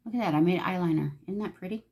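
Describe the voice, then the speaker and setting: Talking fast in a lowish, darkish voice, this Los Angeles beauty vlogger breezes through a casual makeup tutorial. She gushes and talks to herself the whole time she's applying makeup.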